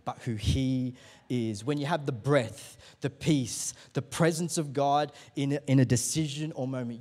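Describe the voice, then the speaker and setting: Pastor preaching with rising fervour. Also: male voice, a little high. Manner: storytelling, rising to loud emphatic preaching. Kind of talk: sermon.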